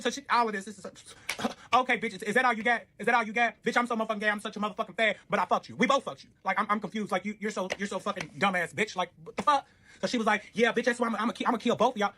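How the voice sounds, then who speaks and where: A high-voiced man rattles through his own storytime at breakneck speed. His voice is husky, and he swears freely while acting out every quoted line with lots of animation. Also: racing. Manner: animated, profane, acts out quotes. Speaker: storyteller recounting his relationship. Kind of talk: casual storytime.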